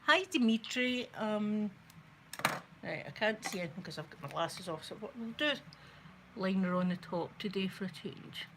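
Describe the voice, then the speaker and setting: Soft-spoken Scottish woman, ASMR makeup chat. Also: mid-range voice, normal speed, background noise. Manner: chatty, rambling storyteller who talks to viewers. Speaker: ASMR channel host.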